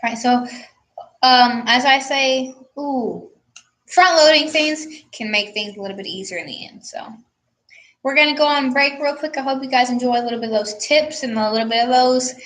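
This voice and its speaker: A woman's voice: high voice, moderate pace, a bit bright. A teenage girl co-hosting a radio talk show, chatty and giving advice, often correcting herself. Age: teens. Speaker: teen radio co-host. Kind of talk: casual radio chat.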